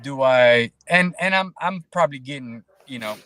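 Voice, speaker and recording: A man appears as a guest on a casual podcast, speaking in an animated, preachy way and acting out the voices of people he quotes. His voice is medium-pitched at a normal speed.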